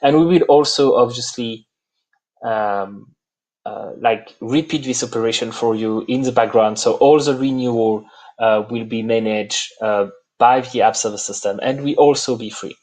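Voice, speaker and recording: A man with a French accent, a native French speaker, walking through a live software demo and pausing often on "uh". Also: mid-range voice. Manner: halting, many "uh" fillers. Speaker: presenter.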